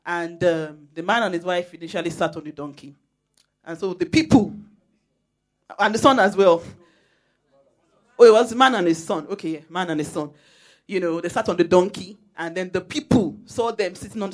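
Nigerian woman preacher, animated storyteller, emphatic and quick to laugh in church. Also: on the low side. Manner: lively, storytelling, laughs often, emphatic exhortation. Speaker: church speaker. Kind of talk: sermon.

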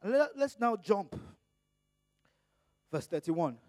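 A preacher from Nigeria delivering an impassioned sermon. He swings between loud emphasis and hushed asides, and draws out scripture readings slowly. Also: high voice, lively intonation, no room sound.

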